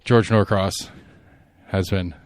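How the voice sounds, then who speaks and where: A man hosts a casual podcast chat. He rambles and restarts, animated, with plenty of fillers. The sound is dry and close. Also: low voice, slow pace, dry recording. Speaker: podcast host.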